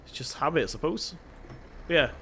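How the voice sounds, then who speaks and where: A young man from Devon, England, hosts a gaming channel and chats casually, thinking aloud as he plays a farming game. His Devon English voice is fairly high and a bit bright, with lively intonation and a brisk pace. There's a little hiss or hum on the recording.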